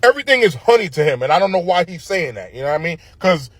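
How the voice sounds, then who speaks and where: A man's voice: sits high, big pitch swings, fast, no room sound. A man ranting casually about cartoon characters, profane and opinionated, full of slang and tag questions. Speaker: show commentator. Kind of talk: casual commentary rant.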